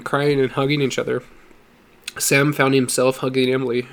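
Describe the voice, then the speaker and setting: An audiobook reader, a man with a mid-range voice, narrates a story in a steady, measured way.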